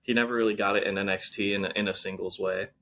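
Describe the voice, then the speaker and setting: Low-voiced man chatting wrestling casually. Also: steady tone, fast talker, a bit bright, a little hiss or hum. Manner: rambling, frequent ums and restarts. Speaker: podcast co-host. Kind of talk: casual wrestling review chat.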